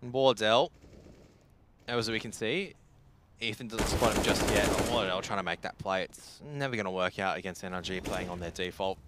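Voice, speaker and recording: A man doing play-by-play esports commentary, excitable and teasing, his voice leaping up on big plays. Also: lowish voice, moderate pace, heavy background noise.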